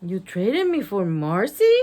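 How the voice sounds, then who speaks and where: A woman's voice: wildly swooping pitch, takes it slowly, warm tone. A woman voicing a bossy, scolding girl while reading a storybook aloud. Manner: high, scolding.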